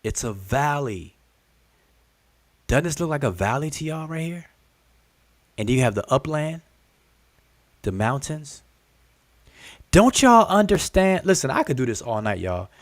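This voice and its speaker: On a live stream, a man with a higher-than-average voice teaches at an unhurried pace, pausing often, in a dry recording. He speaks right to his viewers, repeating himself and firing questions. He's animated, urging "look, look" and calling them "y'all" and "family."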